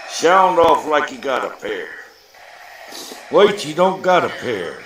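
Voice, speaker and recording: A man's voice: on the high side, big pitch swings, unhurried, a bit bright. A man with a drawl, a paranormal investigator taunting spirits in a mocking, provoking way inside an abandoned church. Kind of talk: taunting spirits on a ghost hunt vlog. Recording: echoey empty building, background noise.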